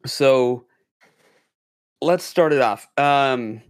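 A man's voice: medium pitch, very slow, no room sound, clean studio sound. A man hosting a casual gaming podcast, introducing his friends with playful jokes. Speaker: podcast host. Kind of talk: casual chat.

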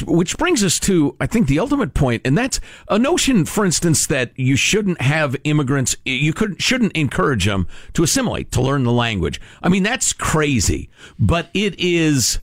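A man's voice: fairly high pitch, dry recording, clean studio sound. A man co-hosting a talk radio show, sarcastic and emphatic, often feigning outrage. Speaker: radio co-host.

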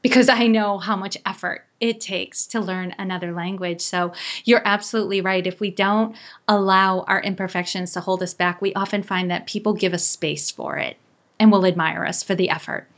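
A woman's voice: medium pitch, fairly even intonation, moderate pace, a bit bright. Enthusiastic affirming woman host. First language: English. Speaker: interview host. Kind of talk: conversational interview.

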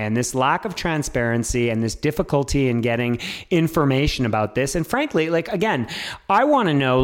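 A Canadian man co-hosting a podcast in casual chat, animated and exasperated, swearing as he gets riled. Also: medium pitch. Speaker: podcast co-host.

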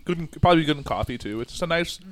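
A man's voice: a little high, lively intonation, fairly bright tone. A man co-hosting a podcast, chatting casually and rambling with lots of fillers. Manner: quick, rambling, many fillers. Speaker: podcast co-host. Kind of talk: casual chat.

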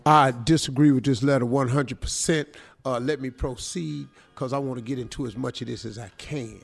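A man's voice: mid-range voice, fairly even intonation, normal speed, creaky, faint music behind. A man hosting a morning radio show, giving advice in a casual, slangy, joking way. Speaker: radio host.

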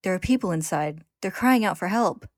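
Stubborn teenage male alchemist, voiced by a woman, shaken, low-pitched, dry sound. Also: expressive, a little slow, mellow, no room sound. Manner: shaky, then defiant.

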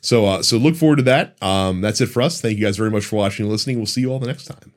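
A man's voice: on the low side, racing. A man hosting a casual podcast who chats loosely and laughs often. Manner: laughs often, lively and chatty. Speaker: podcast host.

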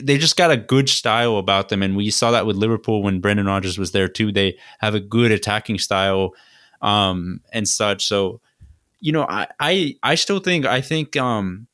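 Easygoing man with a fairly low voice. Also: fairly bright tone, dry recording, clean studio sound. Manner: easygoing, hesitant, many fillers like "um" and "you know". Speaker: podcast co-host. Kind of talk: casual sports chat.

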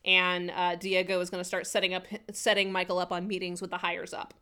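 A woman's voice: fairly low pitch, monotone, fairly quick, pushed and bright, clean tone. A woman co-hosting a casual podcast recap, chatty and wry, reading from her notes and laughing easily. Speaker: podcast co-host.

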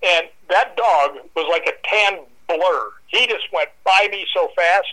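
High bright-voiced man telling a wild story. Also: a little slow, poor audio. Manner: lively, acts out voices and dog growls. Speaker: guest storyteller. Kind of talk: animated anecdote telling.

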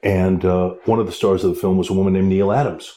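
A middle-aged American man, an actor, telling stories in a casual interview with lively, laughing delivery. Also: sits low, fast talker. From United States. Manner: animated storyteller, laughs while talking. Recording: roomy echo.

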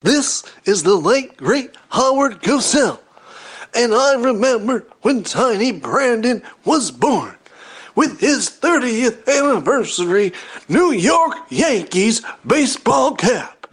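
A man doing an impression of a veteran male sportscaster, with a bombastic, drawn-out announcer delivery. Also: very high voice, very animated, a bit bright, breathy edge, voice pushed up, exaggerated voice. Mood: pompous.

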